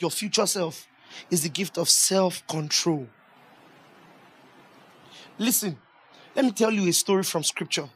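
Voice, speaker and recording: A man delivers a sermon in a high, bright voice. He talks to his congregation in an easy, conversational way, often checking that they are listening. His manner stays lively and warm throughout. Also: breathy edge. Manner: lively and conversational, often laughing and asking the audience questions. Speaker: preacher.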